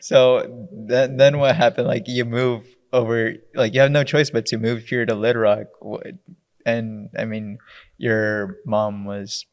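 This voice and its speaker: A man's voice: mid-range voice, flat delivery, measured pace. A man hosting a podcast interview, asking laid-back questions and giving short encouraging reactions. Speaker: podcast host. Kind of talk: casual interview.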